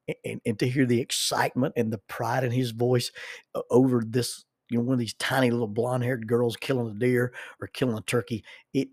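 Middle-aged man, folksy storyteller, gravelly and a bit husky, dry close sound. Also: mid-range voice, a little mellow, no room sound. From southern United States. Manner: folksy, repeats words when starting sentences. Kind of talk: personal storytelling.

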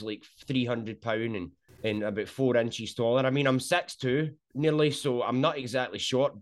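A young Scottish man with a Scottish accent, chatting as an interview guest, talking slowly and clearly and laughing easily. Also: medium pitch. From Scotland. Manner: chatty and quick to laugh, slowed down and enunciated for listeners. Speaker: guest, sumo wrestler. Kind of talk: casual interview chat.

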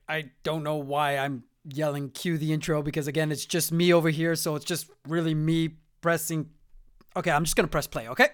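Smooth-voiced, rambling solo podcast dad. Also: male voice, fairly high pitch, a little fast, soft background music. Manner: rambling, self-mocking, jokey asides. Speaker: podcast host. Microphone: studio mic.

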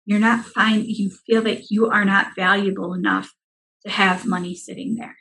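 A woman's voice: medium pitch, normal speed, poor audio. Earnest woman coaching on money mindset. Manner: earnest and reassuring, speaks in steady explanations. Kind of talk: interview, giving advice.

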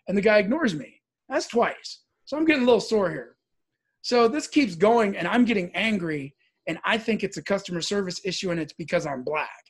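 A man from the US Midwest telling a personal story in casual speech, animated and acting out the voices as he goes. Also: high-pitched, a little fast, breathy edge.

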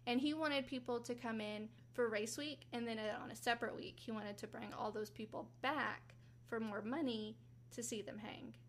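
Brief: female podcast host, slightly high voice, casual true-crime narrator, chatty. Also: fairly even intonation, moderate pace, slight background noise. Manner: chatty, acts out quotes with rising pitch.

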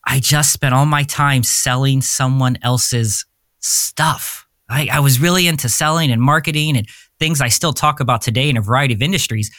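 A man's voice: mid-range voice, moderate pace, a bit bright, no room sound, clean studio sound. A man in his forties, a podcast guest telling his story in a candid, rambling way and often searching for words. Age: 40s. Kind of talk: casual interview storytelling.

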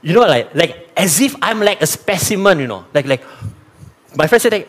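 A man's voice: on the high side, fairly quick, husky. A man from East Malaysia with a Malaysian accent, preaching a sermon and talking straight to the congregation. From East Malaysia (Sarawak). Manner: animated, talks straight to the congregation, mixes in Malay phrases.

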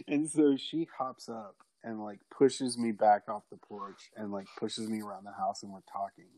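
A man's voice: on the low side, moderate pace, no echo, poor audio. Man spinning a rowdy anecdote, dry close sound. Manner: animated, profane, acts out quoted people loudly. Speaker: guest telling a personal story. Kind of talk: casual storytelling.

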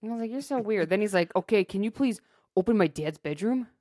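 A woman co-hosting a podcast in casual chat, telling stories in an animated way and often laughing. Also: medium pitch, fast talker, dry recording, clean studio sound. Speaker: podcast co-host. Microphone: dynamic podcast microphone.

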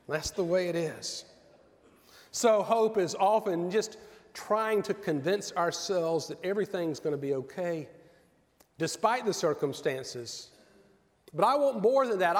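A middle-aged man preaching a sermon in an earnest, measured way with pauses. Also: sits high. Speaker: pastor. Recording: long reverb of a large hall.

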